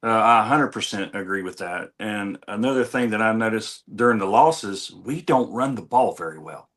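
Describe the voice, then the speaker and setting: A man's voice: on the low side, animated, moderate pace, fairly bright tone. A man on a sports talk show giving an earnest, conversational fan's opinion about his team.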